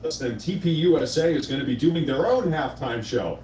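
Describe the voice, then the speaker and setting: Sarcastic male host, opinionated commentary, slightly high voice, echoey room, mic set back. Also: lively intonation, fairly quick, recorded from a distance, background noise. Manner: sarcastic, opinionated, reads quotes aloud. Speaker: show host. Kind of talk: casual commentary reacting to clips.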